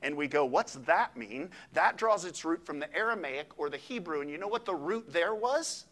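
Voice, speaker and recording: A man, a pastor, preaching a sermon in a conversational, animated way with quick asides. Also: a little high.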